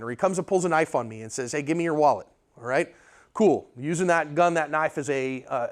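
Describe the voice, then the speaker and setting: A man with a notably high speaking voice lectures a room of pistol students. He talks bluntly and with emphasis, and keeps checking that the class is following him. It sounds like a live classroom lesson rather than a script. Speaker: firearms instructor.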